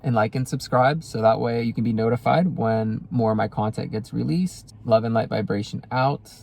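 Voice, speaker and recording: A man's voice: medium pitch, moderate pace, vocal fry, darkish tone. Rambling young man telling a story. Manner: rambling, many "like" fillers, acts out quoted dialogue. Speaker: spiritual self-help vlogger. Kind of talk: casual storytelling to camera.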